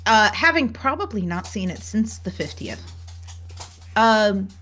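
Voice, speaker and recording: A woman's voice: mid-range voice, animated, measured pace, fairly bright tone. A woman co-hosting a podcast, talking thoughtfully over a remote call and building her points with restarts. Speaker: podcast co-host. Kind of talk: casual chat.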